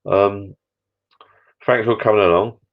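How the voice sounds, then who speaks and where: On a dull, lo-fi live stream, a middle-aged man speaks in a fairly low, steady voice at a slightly slow pace. A few beers in and tired, he rambles casually from the small indoor bar in his backyard shed, with some mild swearing.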